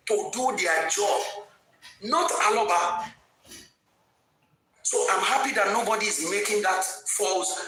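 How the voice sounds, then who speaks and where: A woman's voice: medium pitch, sharp tone. Fiery woman in an echoey room. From Lagos, Nigeria. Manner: fiery, emphatic, repeats points for force. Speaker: commentator. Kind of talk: opinionated commentary monologue. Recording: very echoey room with faint music.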